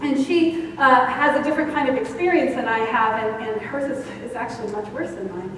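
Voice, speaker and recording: A woman minister with a high voice preaches her sermon frankly and pokes fun at herself along the way. She is picked up from far off in a big church hall, so a long echo trails every sentence. A faint hiss sits under the whole recording. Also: brisk. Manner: candid and self-mocking, laughs at herself. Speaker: senior minister. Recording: echoey hall, distant mic, faint hiss.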